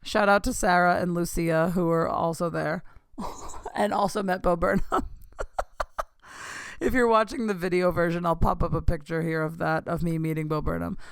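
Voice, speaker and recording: Gushing excitable woman, gravelly edge. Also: fairly low pitch, normal speed, no room sound, clean studio sound. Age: 30s. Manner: excitable, gushing, self-interrupting. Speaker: podcast host. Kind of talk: casual storytelling.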